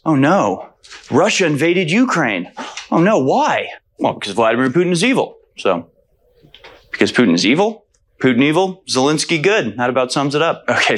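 A man's voice: medium pitch, a bit bright. A man performing a satirical comedy sketch, trading sarcastic, mock-innocent lines. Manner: sarcastic, mock-innocent back-and-forth banter.

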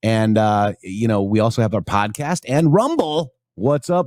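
A man's voice: lowish voice, very animated, normal speed, hardly any pauses, darkish tone, no echo, clean studio sound. A man co-hosting a live talk show, chatting casually and loosely, reading out viewer comments as he goes. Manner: loose, rambling, reads viewer comments aloud.

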